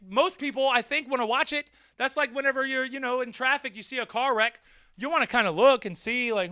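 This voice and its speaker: A man with a high, very bright voice spins a rambling personal story. He repeats himself constantly and swears freely in a casual tone. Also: brisk, clean tone. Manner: rambling, repetitive and profane. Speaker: vlog host.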